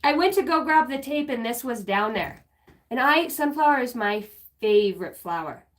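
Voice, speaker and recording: A woman's voice: fairly high pitch, animated, moderate pace. A woman on a casual spiritual livestream, rambling, giggling often and humming bits of songs as she goes.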